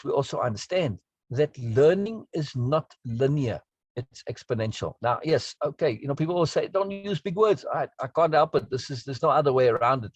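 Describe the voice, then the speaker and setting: A man's voice: mid-range voice, slightly rough, no echo. A man teaching a self-help course, explaining in an earnest, emphatic way and often checking in with the listener. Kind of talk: spoken lesson on self-talk.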